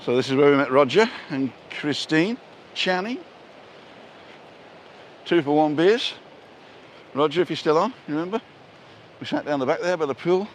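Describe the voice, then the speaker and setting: This vlogger and live-stream host has a voice on the high side, animated, at normal speed with frequent pauses. He strolls a seaside resort street outdoors, chatting into a handheld phone camera in a self-mocking, punning style. A little hiss or hum comes through.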